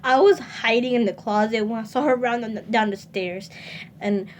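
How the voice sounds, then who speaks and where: High-voiced woman telling an emotional story. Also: normal speed, a little hiss or hum. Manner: earnest, repeats herself, addresses viewers directly. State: emotional, close to tears. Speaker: vlogger. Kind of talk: personal storytime monologue.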